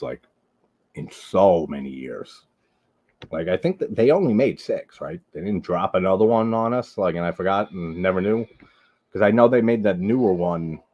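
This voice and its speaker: A man's voice: deep voice, a little mellow, muffled recording. A man from Long Island, hosting a live horror movie stream and chatting casually with viewers. He rambles, drops "like" constantly and swears freely. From Long Island, New York.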